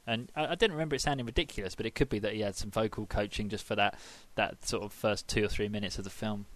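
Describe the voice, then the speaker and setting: A man's voice: lowish voice, quick pace, fairly bright tone, no room sound. A man chatting earnestly about films on a podcast, often restarting his sentences. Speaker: podcast co-host. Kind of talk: casual film discussion.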